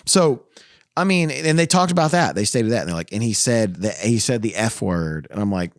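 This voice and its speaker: A man's voice: on the low side, lively intonation, moderate pace, dry recording, studio quality. A man co-hosting a podcast in casual chat, ranting heatedly and swearing a lot. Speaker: podcast co-host. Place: podcast studio.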